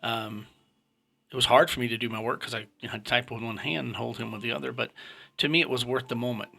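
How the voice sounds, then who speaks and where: A man's voice: mid-range voice, steady tone, quick pace, creaky, pushed and bright. A man in his fifties giving a blunt, opinionated casual monologue as a vlogger. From United States. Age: 50s.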